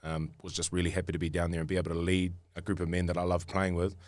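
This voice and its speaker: A man's voice: low-pitched, monotone, fast, no room sound. A man with a New Zealand accent telling stories on a podcast, rambling with many fillers and restarts. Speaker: guest rugby player. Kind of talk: casual podcast storytelling.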